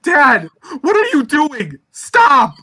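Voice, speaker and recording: A woman's voice: high-pitched, wildly swooping pitch, slow pace, pushed and bright, full character voice. Woman playing a grieving, enraged young son. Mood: urgent. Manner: raw, sobbing outbursts. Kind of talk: stage reading of a play.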